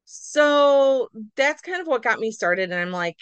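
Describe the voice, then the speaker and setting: A middle-aged woman, a nurse practitioner, telling her story as a podcast guest in a lively, casual way, acting out her own reactions. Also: medium pitch, moderate pace, hardly any pauses, smooth, no room sound. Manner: animated, acts out her own reactions in quotes.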